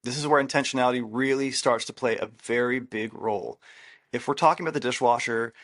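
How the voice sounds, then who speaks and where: Guy therapist on a podcast, emphatic, keeps hammering the rules, mid-pitched. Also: a little fast, fairly bright tone. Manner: emphatic, repeats key rules, acts out quoted lines. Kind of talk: casual advice chat.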